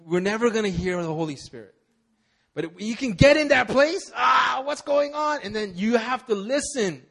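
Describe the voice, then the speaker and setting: High-voiced young pastor preaching. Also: male voice, creaky, husky. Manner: storytelling, repeats words with many fillers. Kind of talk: sermon.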